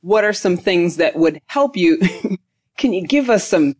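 A woman with a fairly low voice asks a question from the audience at a live panel. She sounds hesitant and stops and starts with fillers. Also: expressive, a little slow, darkish tone, slightly rough. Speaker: audience member.

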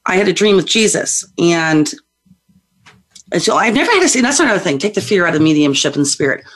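A woman guest on a call-in show, a psychic medium telling stories in a lively, feisty way. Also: fairly low pitch, a little fast. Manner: lively, feisty, acts out voices in her stories. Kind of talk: animated storytelling on a call-in show.

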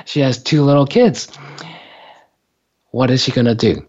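A man's voice: mid-range voice, a little slow, darkish tone, slightly rough. A man casually telling a personal story in a rambling, hesitant way, often stopping and restarting. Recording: dull lo-fi recording.

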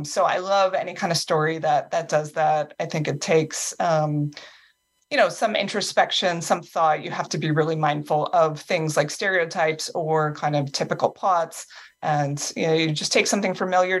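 Woman, writer, very low voice, friendly, explanatory, some ums. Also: steady tone, normal speed. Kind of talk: discussion guest.

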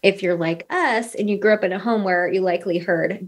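A woman's voice: mid-range voice, brisk. A woman in her thirties, a podcast guest, talking earnestly and telling stories with lots of quoted dialogue. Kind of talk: casual podcast conversation.

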